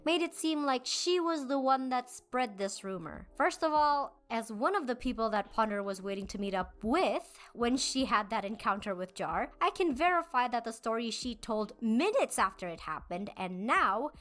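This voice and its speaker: A woman in her twenties, a medical student, narrating a scripted commentary video in a measured, explanatory way. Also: a little high, animated, fairly bright tone. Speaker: YouTube commentary host.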